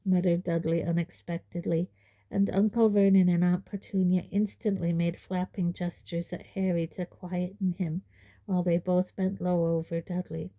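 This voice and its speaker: A woman reading an audiobook in a measured, even narration. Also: lowish voice. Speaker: audiobook reader.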